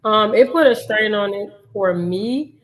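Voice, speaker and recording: A middle-aged woman, a mother, talking on a show with emotion and hesitation, pausing often. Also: mid-range voice, lively intonation, poor audio. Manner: emotional, hesitant, many "um" pauses. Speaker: guest, mother. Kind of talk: casual talk show conversation.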